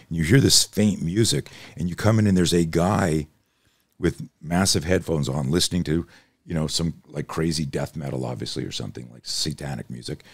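A man's voice: extremely low pitch, slightly rough, dry recording, studio quality. A man guesting on a podcast as a self-defense instructor, telling stories in an intense, emphatic way and swearing freely. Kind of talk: animated storytelling in casual conversation.

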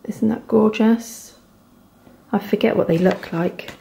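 Devon woman, thirties, chatty knitting vlogger at home; unhurried delivery with some vocal fry. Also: mid-range voice. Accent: Devon English. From England. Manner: chatty, gushing over yarn, soft asides. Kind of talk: casual chat to camera. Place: home, indoors.

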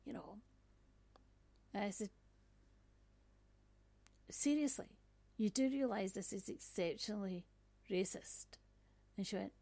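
Woman speaker, low-key gravelly storyteller, chatty with lots of asides, dry recording. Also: a little slow, pauses often, warm tone, dry recording. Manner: conversational, frequent "right?" and "um" asides. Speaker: speaker on workplace bias. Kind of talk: personal storytelling talk.

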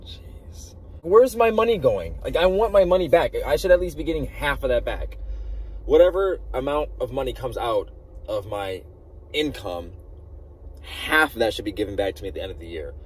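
A man chats and rants from the driver's seat, his voice swinging from mutters to loud outbursts. He talks into a phone he holds in one hand. Faint traffic hums outside the car. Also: mid-range voice, moderate pace, pauses often, recorded from a distance, rough recording. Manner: animated ranting, sometimes loud outbursts. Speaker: vlogger. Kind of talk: casual car vlog chat. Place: inside a car at a drive-thru. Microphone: phone held in hand.

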